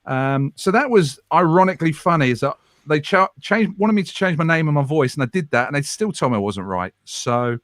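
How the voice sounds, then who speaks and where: A man in his forties swaps radio anecdotes in a relaxed, self-mocking way. His voice sits a touch high and jumps around a lot as he tells the tale. The sound is dry and close, with no room echo. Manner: lively, self-deprecating anecdotes with quick asides. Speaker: radio presenter guest. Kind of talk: casual storytelling chat. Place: home room.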